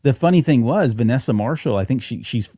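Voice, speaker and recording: A man's voice: mid-range voice, animated, brisk, warm tone, no echo, studio quality. A man co-hosting a fan podcast, chatting casually and rambling with fillers and restarts. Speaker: podcast co-host.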